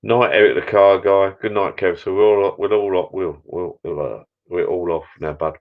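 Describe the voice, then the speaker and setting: A man's voice: sits low, steady tone, moderate pace. A middle-aged man, rambling casually and a bit tired during a live stream from his backyard shed bar, with mild swearing. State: tired, a few beers in. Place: backyard shed bar, small room indoors. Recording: dull lo-fi stream audio.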